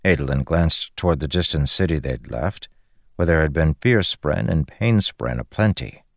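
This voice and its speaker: A man reading an audiobook in a measured, even way. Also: rumbling low, creaky, no room sound, studio quality. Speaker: narrator. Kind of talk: scripted audiobook narration.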